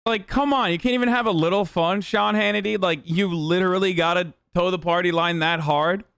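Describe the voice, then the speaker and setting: A man's voice: high-pitched, brisk, vocal fry, a bit bright, clear, resonant tone, no room sound, clean studio sound. A male streamer giving casual, sarcastic and profane commentary on the news.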